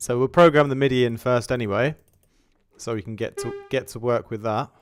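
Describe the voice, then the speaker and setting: A man's voice: medium pitch, a little fast. A man livestreaming a music production session, thinking aloud in a chatty, self-correcting way and sneezing now and then. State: sneezing and coughing, a bit congested. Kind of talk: casual livestream talk while working. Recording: loud music under the voice. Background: loud electronic music playing.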